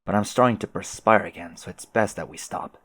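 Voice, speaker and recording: A man voicing a stiff, formal, muscular teenage boy troll aristocrat who speaks quietly and precisely. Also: low voice, a little fast, slightly rough, no echo.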